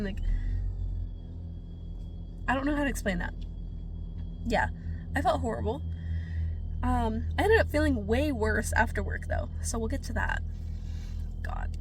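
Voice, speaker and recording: A sniffly young woman rambles through a casual vlog, piling on filler words and poking fun at herself. Her voice sits a little high for a woman. A faint hiss of room noise sits under her. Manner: rambling, filler-heavy, self-deprecating. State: sniffly from a cold. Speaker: vlogger. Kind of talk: casual storytelling to camera.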